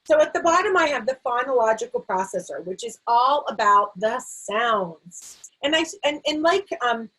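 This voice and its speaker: Husky-voiced woman explaining reading instruction. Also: fairly high pitch, animated, moderate pace, fairly bright tone, rough recording. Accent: American. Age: middle-aged. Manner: explanatory, with frequent fillers and restarts. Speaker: literacy educator. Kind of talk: explaining a teaching framework.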